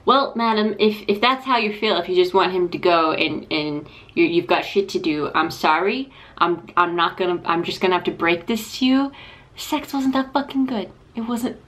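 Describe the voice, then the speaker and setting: A woman's voice: lowish voice, moderate pace, a bit bright. A woman hosting a video, reacting to clips with blunt, profane, mocking commentary. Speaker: video host.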